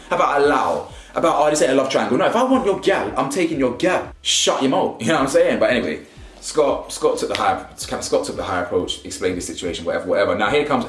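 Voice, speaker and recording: A young man, giving a slangy, animated casual review of a reality show and laughing often. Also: on the high side. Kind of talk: casual commentary. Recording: roomy echo, faint music.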